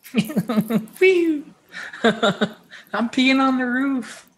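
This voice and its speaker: A man's voice: very high voice, lively intonation, drawn-out words. A man in casual live-show banter, cracking crude jokes.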